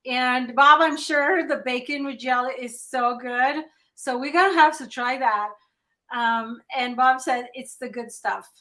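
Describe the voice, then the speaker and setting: A woman's voice: high-pitched, a little slow, sharp tone. A woman hosting a live interview, enthusiastic and gushing, laughing along with her guest. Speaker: host.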